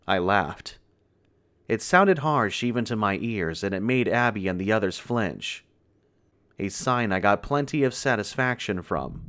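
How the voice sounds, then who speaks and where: Male horror narrator, steady first-person read, lower voice. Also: measured pace. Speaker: storyteller. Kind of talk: scripted horror story narration.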